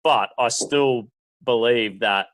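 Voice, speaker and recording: Man from New Zealand, mid-pitch, casual, rambling, easy laugh, dry close sound. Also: slow, a bit bright, dry recording, low-quality recording. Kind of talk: casual panel debate.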